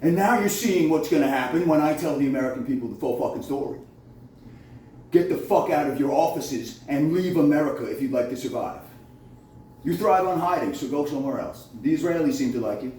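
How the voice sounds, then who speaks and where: Recorded on a phone, a man rants to camera in a heated, profane, accusatory monologue. His voice is medium-pitched, brisk and dark in tone. The room is very echoey, he's far from the mic, and there's faint noise.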